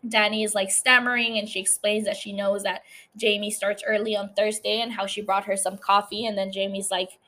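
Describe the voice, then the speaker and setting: A woman with a bright, forceful voice talks through an episode recap in a loose, chatty way. She laughs often and leans on fillers as she tells the story. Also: medium pitch, little pitch movement, fairly quick. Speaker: podcast host recapping a series.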